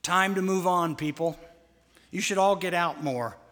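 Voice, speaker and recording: A man's voice: high voice, measured pace, fairly bright tone. A man preaching a sermon to a congregation, dramatic and mocking, leading call-and-response. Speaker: pastor. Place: church sanctuary. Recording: long reverb of a large church.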